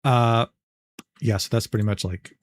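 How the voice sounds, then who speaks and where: A man's voice: medium pitch, fairly even intonation, a little slow, dry recording, studio quality. A man reacting casually on a livestream, incredulous and slangy, often breaking into laughs. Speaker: streamer reacting to a document.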